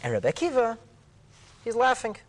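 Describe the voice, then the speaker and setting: A man, a rabbi, retelling a Talmud story in a dramatic way, going from hushed to exclaiming and using Hebrew terms. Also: extremely high pitch, wildly swooping pitch, moderate pace. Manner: peppers speech with Hebrew and Aramaic terms. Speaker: rabbi leading a Talmud discussion.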